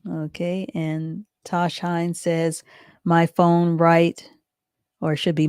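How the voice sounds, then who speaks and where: A woman's voice: on the low side, darkish tone, dry recording, studio quality. A woman teaching a live online reading class, spelling words out letter by letter and answering viewers with patient encouragement.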